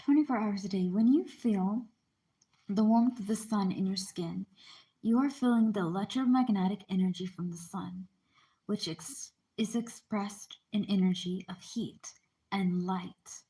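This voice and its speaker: A woman reads a book aloud casually and chattily, pausing now and then to explain terms and apologize. Her voice is mid-range and mellow, at a normal pace.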